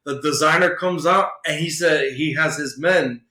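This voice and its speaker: A man's voice: a little high, moderate pace, pushed and bright, roomy sound, poor audio. A man co-hosting a podcast, retelling a comic book story in casual chat full of "like" and "uh". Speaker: podcast co-host.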